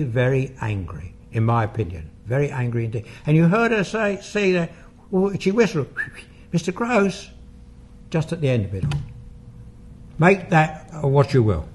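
An older man, a paranormal investigator, giving a lecture and taking audience questions in an unhurried, anecdotal storytelling manner. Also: mid-range voice, a little hiss or hum. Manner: anecdotal, unhurried storyteller who acts out quoted dialogue.

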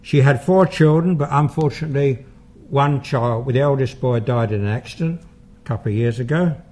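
A man's voice: medium pitch, normal speed, darkish tone. An older man, a paranormal investigator, giving a public talk and taking audience questions, in a conversational, anecdotal way with asides and fillers.

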